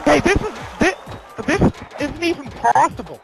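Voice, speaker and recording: Very high-pitched, exasperated young gamer. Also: male voice, very animated, moderate pace, gravelly, rough recording. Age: young adult. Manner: exasperated, yelling at the game. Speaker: video game player. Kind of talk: live reactions while gaming. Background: video game music.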